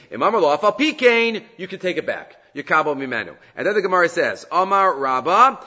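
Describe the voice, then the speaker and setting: A man leading a Talmud class, acting out the people in each case as he goes. His voice is bright and forceful, and a bit higher than most men's. It rings with long reverb in a big hall, and the sound is dull and muffled. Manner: animated, acts out quoted speakers, mixes Hebrew and Aramaic terms. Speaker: Talmud teacher.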